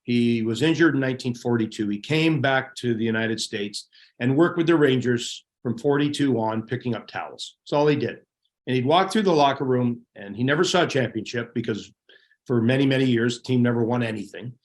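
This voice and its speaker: A middle-aged man, a former hockey goalie, telling lively locker-room stories as a guest. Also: mid-range voice, fairly quick. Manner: animated, laughing anecdotes. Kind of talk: casual storytelling.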